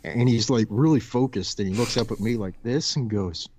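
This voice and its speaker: A man's voice: mid-range voice, moderate pace, darkish tone, slight background noise. A young man guesting on a podcast, telling casual stories and acting out his old coworkers. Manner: laid-back storyteller, acts out coworkers with laughs. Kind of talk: casual chat, storytelling.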